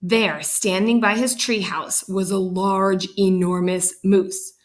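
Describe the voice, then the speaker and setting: A teacher reading a picture book aloud to her class, with animated, expressive storytelling. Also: mid-range voice, takes it slowly.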